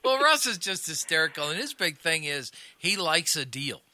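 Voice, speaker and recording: A man's voice: on the high side, big pitch swings, normal speed, sharp tone. A man hosting a casual interview, laughing easily and asking his guest questions. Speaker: interview host.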